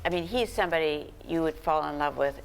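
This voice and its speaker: A woman author talking about history at a panel, relaxed and full of fillers. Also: low voice, fairly quick, vocal fry, a crowd in the background, low-quality recording. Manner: relaxed storyteller, many fillers. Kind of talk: conversational panel talk. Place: art gallery talk.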